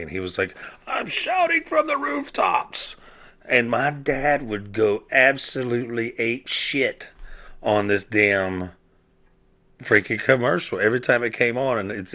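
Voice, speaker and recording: A man's voice: lowish voice, pushed and bright. A man from South Georgia, hosting a casual podcast monologue, rambling and swearing with many fillers and restarts. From South Georgia, USA. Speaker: podcast host.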